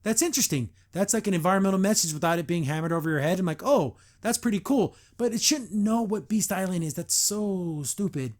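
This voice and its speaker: A man's voice: high-pitched, lively intonation, a little fast, few pauses. A man hosting a podcast, reviewing a cartoon episode in a sarcastic, exasperated way and acting out the characters' lines.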